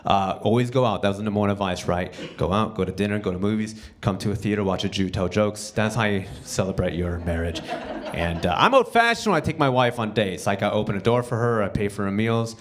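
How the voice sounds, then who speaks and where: A man's voice: fairly low pitch, fairly quick, few pauses, a little hiss or hum. A man performing a stand-up comedy set on a theater stage, talking in a conversational way and acting out quotes before the punchlines.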